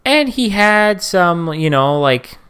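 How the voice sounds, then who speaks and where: A man co-hosting a podcast in casual chat, animated, with his pitch jumping up when he mocks what other people say. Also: slow pace, smooth. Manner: animated, jumps up in pitch for mocking quotes. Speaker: podcast co-host.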